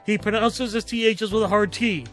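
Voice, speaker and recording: A male streamer chatting casually, reading text aloud haltingly and correcting himself as he goes. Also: sits high, steady tone, fairly bright tone, soft background music. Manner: musing, reads aloud haltingly, self-correcting. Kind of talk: casual stream chat, reading game dialogue and notes aloud.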